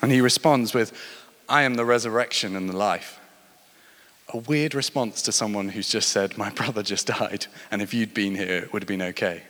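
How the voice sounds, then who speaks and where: A man with a lowish, fairly bright voice preaches at normal speed, telling stories and building to emphatic points. His delivery rises and falls with emphasis, and the recording carries a long hall reverb.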